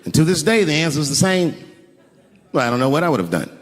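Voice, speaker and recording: A man doing stand-up, telling a story in a lively, profane way and acting out the people in it, recorded live on an arena stage. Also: a little high, fast. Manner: animated, profane, acts out voices. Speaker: stand-up comedian. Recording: live arena recording with long reverb and crowd noise.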